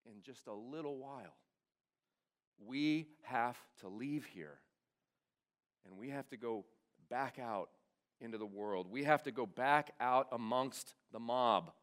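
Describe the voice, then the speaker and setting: A man preaching a sermon to students, swinging between loud emphasis and hushed drops. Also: mid-range voice, clean tone. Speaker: youth pastor.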